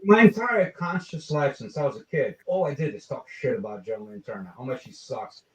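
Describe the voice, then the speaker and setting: A man's voice: medium pitch, brisk, roomy sound, distant mic, poor audio. Profane storytelling man, a bit off-mic. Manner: profane, rambling, animated anecdotes. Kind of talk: casual storytelling chat.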